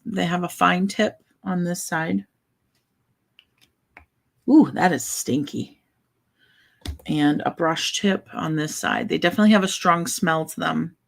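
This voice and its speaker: A woman vlogger chatting in a relaxed, meandering way, thinking aloud while she colors. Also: on the low side, vocal fry, poor audio.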